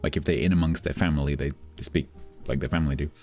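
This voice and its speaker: Deep-voiced Londoner chatting on stream. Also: male voice, fairly even intonation, quick pace, a little mellow. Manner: chatty, explanatory, many restarts. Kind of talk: casual chat with stream chat. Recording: faint background music.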